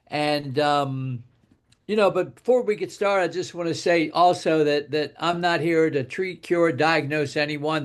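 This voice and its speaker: Rambling older man telling a story. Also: on the high side. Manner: rambling, repeats words, drops into quiet quoted asides. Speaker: guest speaker telling a testimonial. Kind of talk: casual storytelling.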